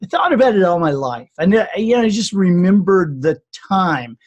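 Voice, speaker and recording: Casting: older male author, husky, unhurried storyteller in an interview. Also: high voice, lively intonation, a little mellow, dull audio. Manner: earnest, reflective storyteller. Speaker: author and speaker.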